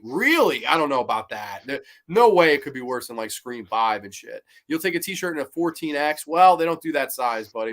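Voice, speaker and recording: A man hosts a casual horror podcast with a high, ringing voice. He talks in an animated way, swears freely, and laughs as he retells scenes. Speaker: podcast host. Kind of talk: casual horror movie review chat.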